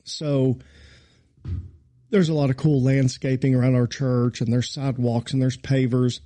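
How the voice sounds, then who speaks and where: A man in his role as a pastor tells a personal story in relaxed podcast talk. He is animated and pokes fun at himself. His voice has a mid pitch and a dark, mellow tone. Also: measured pace. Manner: animated, self-mocking storyteller. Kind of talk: casual storytelling chat.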